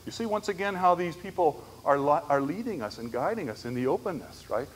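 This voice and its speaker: Speaking fairly quickly with an expressive, higher-side voice, a man lectures at a church conference about disability ministry. He tells stories conversationally, often tossing in "right?" to check with listeners, while the echoey hall carries faint background noise.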